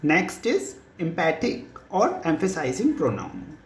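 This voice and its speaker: A teacher giving a recorded grammar lesson, explaining slowly and deliberately with many examples. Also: mid-range voice, wildly swooping pitch. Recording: echoey room.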